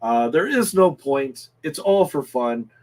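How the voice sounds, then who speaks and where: A man's voice: medium pitch, expressive, slow, darkish tone. A man co-hosting a live paranormal stream, explaining the rules and setting challenges. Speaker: co-host giving challenges.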